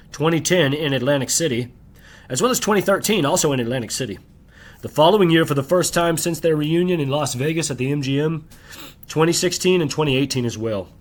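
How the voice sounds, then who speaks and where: A man reading his own novel aloud in the first person, measured and descriptive, slowing on key phrases. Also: on the high side.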